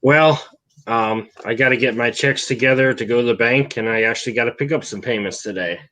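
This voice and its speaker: A man's voice: medium pitch, fairly quick, bright, forceful tone. A man talking as a guest in a casual panel chat, playful and joking.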